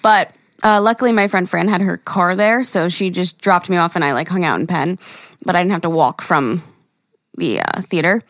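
A woman's voice: on the low side, moderate pace, a bit bright, dry recording, studio quality. A young woman, co-hosting a podcast and telling a story in casual chat, acting out quotes and swearing freely. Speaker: podcast co-host.

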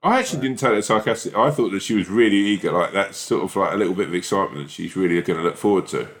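A man's voice: deep voice, rapid-fire. A young man co-hosting a podcast in casual chat, teasing and laughing often. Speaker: podcast co-host.

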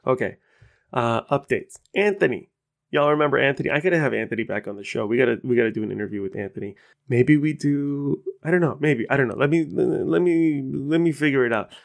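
Man, podcast host, rambling casual chat, self-deprecating, mid-pitched voice. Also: fairly quick, creaky. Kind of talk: casual solo podcast talk.

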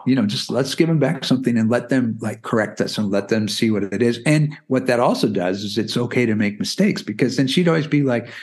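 Fairly quick and seldom pausing, a man in his forties talks as a podcast interview guest about his math curriculum company. His medium-pitched voice is a little mellow, and he leans on "you know" and "right?" a lot.

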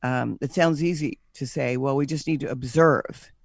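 A woman talks in a loose, casual podcast chat. She is blunt and animated, slipping into little acted-out quotes and swearing without a second thought. The recording is dry and close, with no room sound. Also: very deep voice, normal speed, gravelly, slightly rough, no room sound.

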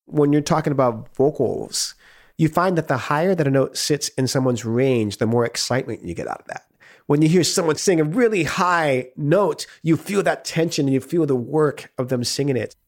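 A man who works as a music producer, calmly explaining pitch for a kids' lesson. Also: normal speed.

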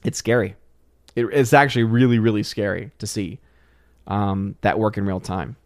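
A man's voice: on the low side, fairly even intonation, no room sound, studio quality. A man hosting a livestream, reading viewer comments in casual, rambling chat with many restarts. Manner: rambling, halting restarts, chatty. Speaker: livestream host.

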